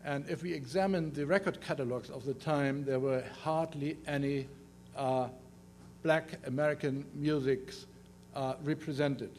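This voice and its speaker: An older man with a heavy German accent delivers a conference talk in a fairly high voice, pausing often on "uh" and restarting his sentences. A faint hum sits under his speech. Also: fairly even intonation, a little mellow. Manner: halting, many "uh" fillers and restarts. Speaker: guest lecturer. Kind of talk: conference presentation.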